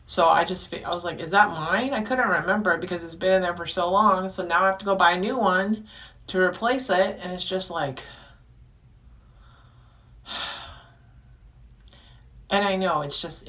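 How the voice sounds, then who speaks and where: A woman's voice: fairly low pitch, normal speed, pauses often, fairly bright tone. A woman hosting a podcast, talking in a frustrated, rambling monologue full of restarts. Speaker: podcast host. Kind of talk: casual venting monologue.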